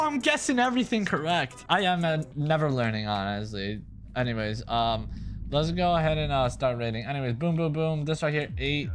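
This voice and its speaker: Slangy, excitable male gaming streamer. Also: mid-range voice. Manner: slangy, excitable, calls everyone bro and dude. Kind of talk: casual live-stream commentary.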